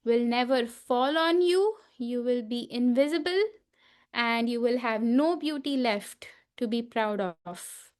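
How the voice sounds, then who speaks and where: A woman's voice: a little high, takes it slowly, darkish tone, clear, resonant tone. A woman voicing a stern elephant-headed boy god. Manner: solemn, pronouncing a curse.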